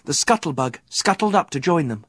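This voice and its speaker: A man narrating a children's story aloud in a measured storytelling manner. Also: a little high, animated, fairly bright tone, slightly rough, no room sound. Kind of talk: audiobook narration.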